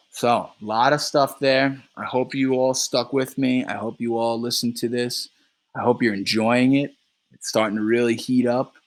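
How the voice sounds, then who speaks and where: A male teacher reading a play aloud for his class and explaining it in a relaxed way. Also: medium pitch, a little slow, rough recording. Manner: explains terms between lines, relaxed.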